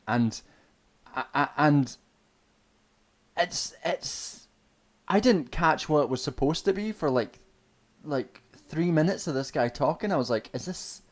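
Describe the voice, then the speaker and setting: Sardonic sweary Scottish man ranting. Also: medium pitch. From Scotland. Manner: profane, sardonic, rambling with restarts. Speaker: streamer. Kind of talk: casual rant about a film.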